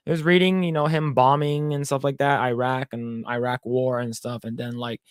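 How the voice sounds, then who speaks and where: In clean, dry studio audio, a podcast co-host in his thirties speaks at a normal speed in a medium-pitched, flat voice with a clean tone. He rambles through stories, swears, imitates voices when quoting, and reads out viewer comments in casual chat.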